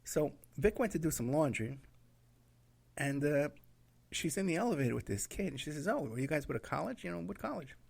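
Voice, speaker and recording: A man's voice: a little high, sing-song, brisk, creaky, darkish tone. A man telling a rambling road trip story in a casual way, laughing at his own anecdotes and acting out what people said.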